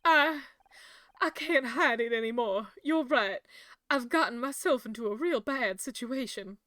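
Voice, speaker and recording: A woman's voice: on the high side, expressive, a little slow, bright, forceful tone, no echo, faint music behind. A woman voicing an anxious young female club owner in debt, with a put-on British accent, confessing in a shaky, ashamed way while reading a mystery game aloud.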